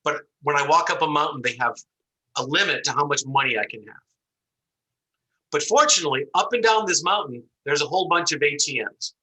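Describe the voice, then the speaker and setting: This instructor teaches an online class through his computer mic, his voice sharp, bright and a little high. Brisk and animated, he narrates a story and performs the characters' voices, though the recording is low quality.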